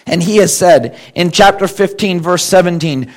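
A man with a high-pitched voice delivers a sermon. He reads the scripture slowly with heavy emphasis, then shifts into a plain, conversational explanation of the passage. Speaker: preacher.

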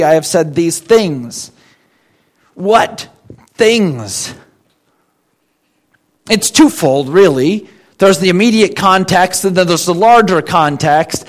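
A man with a high-pitched voice delivers a sermon. He reads the scripture slowly with heavy emphasis, then shifts into a plain, conversational explanation of the passage. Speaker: preacher.

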